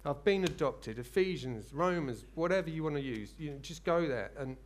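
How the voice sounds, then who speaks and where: High-voiced, fervent preacher. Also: male voice, a little fast. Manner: earnest, rambling, builds to fervent excitement. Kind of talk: sermon.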